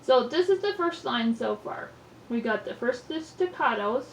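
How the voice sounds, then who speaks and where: With a fairly high, gravelly, animated voice, a woman teaches piano patiently at a moderate pace, calling out each finger and note one by one. She is far from the mic in an echoey room, and loud piano playing fills the background.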